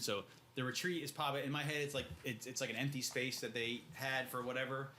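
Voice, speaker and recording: A man's voice: medium pitch, steady tone, fast talker, hardly any pauses, pushed and bright, a little hiss or hum. A man co-hosting a podcast, casually retelling a book's scenes in loose, slangy talk and acting out the characters' lines. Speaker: podcast co-host. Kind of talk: casual book discussion.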